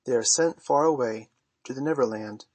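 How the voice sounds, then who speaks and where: A man's voice: medium pitch, moderate pace, darkish tone, no room sound, natural voice. A man reading aloud, voicing a cocky, merry boy who talks in a boastful, offhand, good-natured way.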